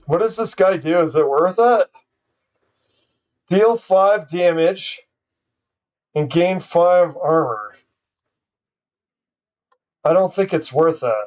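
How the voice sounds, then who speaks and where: A man's voice: high-pitched, slow, long pauses, darkish tone, recorded from a distance. A man streaming a card game live, ranting and swearing in profane trash talk at his opponent. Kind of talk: live gameplay commentary.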